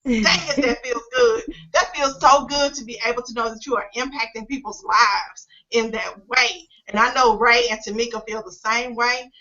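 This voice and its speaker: A woman hosts a casual team video call, her voice high and bright. She is upbeat and openly emotional, heaping encouragement on her team. The audio is dull and lo-fi. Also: steady tone, normal speed, hardly any pauses, slight background noise. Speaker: host.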